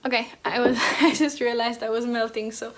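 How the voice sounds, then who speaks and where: A woman's voice: a little high, steady tone, fairly quick. Chatty young woman, rambling with fillers. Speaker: knitting podcast host. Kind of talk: casual chat. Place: home.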